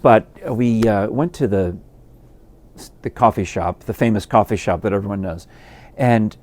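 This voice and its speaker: A male podcast host spinning a casual story from his porch. His pitch swings widely as he meanders, amused, through restarts and fillers. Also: animated, normal speed, darkish tone. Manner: rambling, amused, many fillers. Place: home porch.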